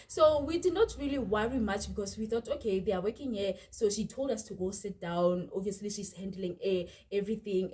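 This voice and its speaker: A young South African woman with a South African accent, animatedly retelling a story to her viewers in a storytime vlog. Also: medium pitch. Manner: animated, exasperated retelling, addresses viewers as "you guys". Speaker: vlogger.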